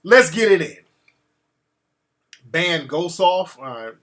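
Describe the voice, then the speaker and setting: Male live-stream host, high and bright, casual slang, pushing the show forward. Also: slow pace. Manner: relaxed street slang, urging the show along.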